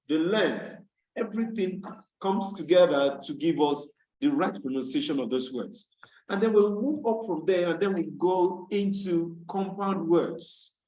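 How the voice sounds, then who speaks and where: A man from Nigeria tutoring students over a video call, explaining rules step by step and repeating key words slowly to drill them. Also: fairly high pitch, a little mellow. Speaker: English tutor. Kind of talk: online tutorial lesson. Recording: echoey room on a video call.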